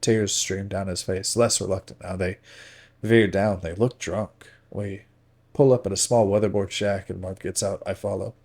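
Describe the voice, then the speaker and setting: A man with a low, husky voice reads a first-person novel aloud. His delivery is measured and dramatic, often sinking into hushed, quiet phrases. It is steady storytelling from a live stream. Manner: measured, dropping to hushed tones.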